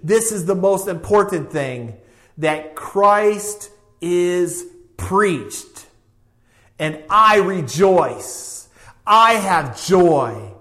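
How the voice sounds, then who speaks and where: High-voiced man preaching slowly. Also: a bit bright. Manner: emphatic, slow, repetitive preaching cadence. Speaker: pastor. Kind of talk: sermon.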